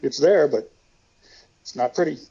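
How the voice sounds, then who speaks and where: A man's voice: mid-range voice, measured pace, vocal fry, mellow, slightly rough, dull audio. A middle-aged man and former pro wrestler, telling stories with self-deprecating jokes in a casual interview. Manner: joking, self-deprecating storyteller.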